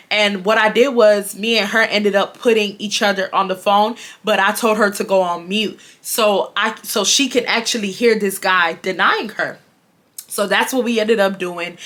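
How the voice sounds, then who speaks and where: A woman in her twenties from Houston, telling a storytime vlog in an animated, emphatic way and addressing viewers as y'all. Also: medium pitch. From Houston, Texas. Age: 20s. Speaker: YouTuber.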